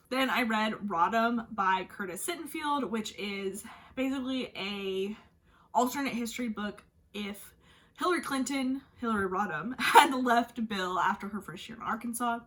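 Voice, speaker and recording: A woman's voice: medium pitch, fairly bright tone. Gushing chatty woman book vlogger. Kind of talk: casual book review chat.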